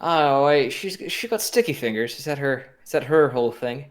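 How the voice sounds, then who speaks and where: An easygoing male player at a tabletop game who often trips and restarts mid-sentence. His voice sits at a typical middle pitch. He sounds casual and game for anything. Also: expressive, normal speed. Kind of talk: casual in-character play.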